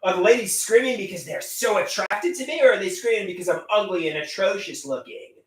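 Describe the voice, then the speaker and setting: A man's voice: high voice, a little fast, far from the mic. Goofy man rambling in an echoey room. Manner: goofy, self-mocking, bursts into shouted singing. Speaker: livestreamer. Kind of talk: rambling live stream chat with silly singing. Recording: echoey room, voice set back from the mic.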